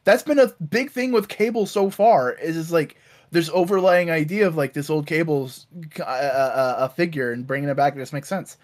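A man casually recapping comic storylines, acting out characters in quick bits and swearing freely. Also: a little high. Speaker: podcast co-host recapping comics. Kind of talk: casual chat.

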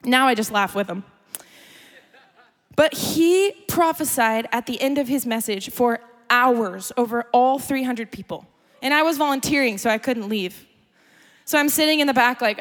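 A young adult woman giving a sermon as a story, chatty and animated, laughing often. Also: on the high side, normal speed. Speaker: speaker. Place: church gathering hall. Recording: long hall reverb.

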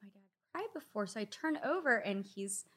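A young adult woman giving a candid personal faith testimony as a guest, earnest and halting with many fillers. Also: mid-range voice, lively intonation, a bit bright. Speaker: guest sharing her story.

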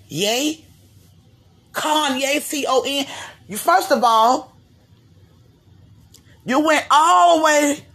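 A woman from Florida hosting her own podcast, giving a slangy, animated commentary rant and slipping into mimicry of others. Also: high-pitched. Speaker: podcast host. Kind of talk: ranting commentary monologue.

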